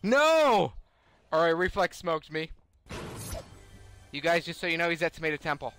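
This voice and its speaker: A man giving casual, excitable commentary while playing a game and talking to his viewers. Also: on the high side, normal speed, music in the background. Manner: excitable, chatty, addresses chat viewers. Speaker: gamer streaming a match.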